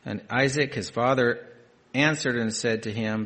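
A man's voice: medium pitch, normal speed. Male preacher, scripture reading with conversational asides. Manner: reads scripture aloud, then adds conversational asides, dropping to quiet emphasis. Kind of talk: sermon.

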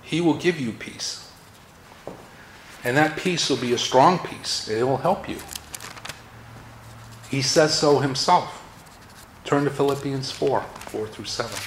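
A man's voice: medium pitch, slow, pauses often, a little hiss or hum. Earnest preacher man, roomy echo. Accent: Massachusetts. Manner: earnest, rises in force when reading scripture aloud. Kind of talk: sermon.

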